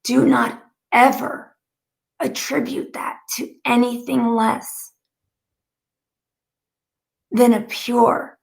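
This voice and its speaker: A woman speaking as the channeled spirit of a calm, wise older woman, in a slow, measured and solemn way, at home in her living room. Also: a little high, vocal fry, heavily acted, poor audio. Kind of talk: channeled message spoken aloud.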